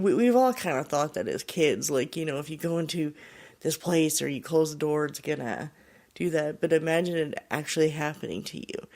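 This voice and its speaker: A man with a somewhat high, gravelly voice hosts a show, casually retelling a listener's eerie experience. He rambles and searches for words, leaning on fillers as he goes. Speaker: podcast host. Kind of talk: casual storytelling of paranormal accounts.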